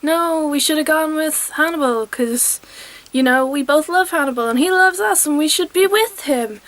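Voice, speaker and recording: A woman paraphrasing a dreamy young woman devoted to a killer, in an airy, breezy voice a little higher than her own. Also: normal speed, a bit bright.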